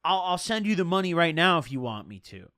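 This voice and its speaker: A man's voice: a little high, sing-song, a little fast, pushed and bright, no echo, studio quality. A man putting on a young buyer who keeps apologizing, hesitant and stumbling. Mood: apologetic.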